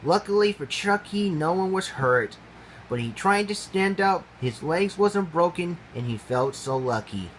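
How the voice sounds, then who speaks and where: A man's voice: sits high, lively intonation, a little hiss or hum, low-quality recording. Man reading a homemade storybook aloud. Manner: halting, ungrammatical read-aloud.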